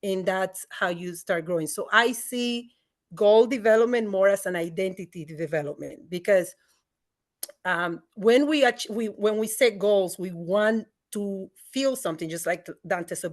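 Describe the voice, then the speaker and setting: A woman's voice: medium pitch, moderate pace. A woman panelist on a video call who explains her ideas in an earnest, reflective way. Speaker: panelist, coach. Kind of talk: webinar panel discussion.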